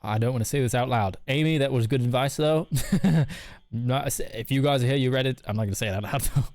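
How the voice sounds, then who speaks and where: Man, streamer, casual chat, reads chat aloud, laughs a lot, mid pitch, dry close sound. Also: brisk, darkish tone, no echo.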